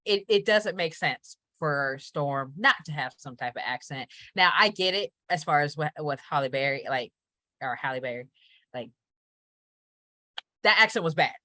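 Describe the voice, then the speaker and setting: Low-pitched woman with a bright voice, casual chatty opinions, laughs a lot, dry sound. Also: lively intonation, normal speed, no room sound. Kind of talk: casual chat.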